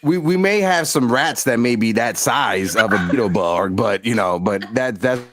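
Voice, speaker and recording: A man from New York hosting a casual sports livestream, animated and giving shout-outs with blunt slang. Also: mid-range voice, normal speed, background noise. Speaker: host.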